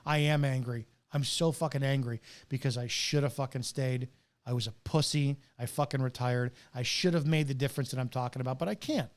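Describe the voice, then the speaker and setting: A man's voice: mid-range voice, fairly even intonation, a little fast. A middle-aged man, a retired police officer, delivering a bitter, profane, preachy rant with hard stressed words. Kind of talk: ranting monologue to camera.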